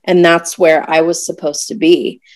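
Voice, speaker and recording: A woman in her thirties telling a personal story in conversation, emotional and searching, with many pauses and fillers. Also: lowish voice, flat delivery, dry recording. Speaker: guest telling a birth story.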